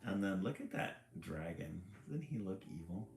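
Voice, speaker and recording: A man's voice: low-pitched, animated, normal speed, vocal fry, background noise. A man reading a children's book aloud on a live stream, chuckling often and chatting about the pictures. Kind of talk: live read-aloud with commentary. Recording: echoey room with faint ambience.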